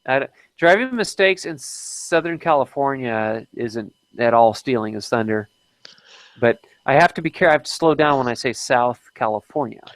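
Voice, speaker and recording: A man's voice: mid-range voice, animated, normal speed, no echo, poor audio. A man hosting an unplanned live stream, chatting casually and often stopping to restart his sentences.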